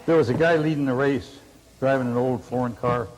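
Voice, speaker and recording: An older man co-hosting a comedy cooking show, trading dry, deadpan jabs with his partner. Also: medium pitch, brisk, noisy background. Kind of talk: comic banter while cooking. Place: TV studio kitchen with live audience.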